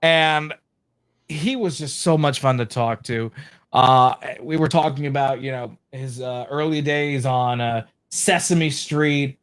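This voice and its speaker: A man's voice: medium pitch, slow pace, clear, resonant tone. A man co-hosting a casual show chat, enthusiastically plugging upcoming episodes. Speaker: co-host.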